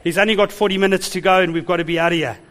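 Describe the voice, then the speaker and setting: A man preaching a sermon as pastor, animated, laughing and calling out to the congregation. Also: high-pitched, very fast.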